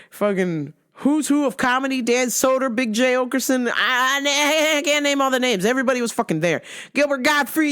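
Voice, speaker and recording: A woman hosting her own show, recapping events in a casual, profane, animated way. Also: high-pitched. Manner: animated, swears constantly, laughs often. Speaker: show host.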